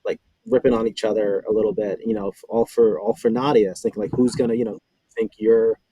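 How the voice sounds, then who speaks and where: A man's voice: lowish voice, little pitch movement, quick pace, dark tone, husky, dry recording, poor audio. A man, a former cast member, recalling a scene in casual chat, rambling with many fillers.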